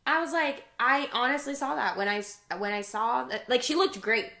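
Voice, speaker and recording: A young woman co-hosting a podcast in casual chat, agreeable and quick to react. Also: on the high side, vocal fry, sharp tone. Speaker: podcast co-host. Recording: echoey room.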